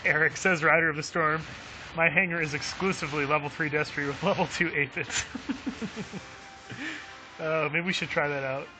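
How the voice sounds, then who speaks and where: A man with a sharp, very bright tone and a slightly high voice hosts a live game stream. He reads the chat aloud, answers his viewers and chuckles often. Faint music plays behind him. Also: fairly even intonation, normal speed, pauses often, low-quality recording.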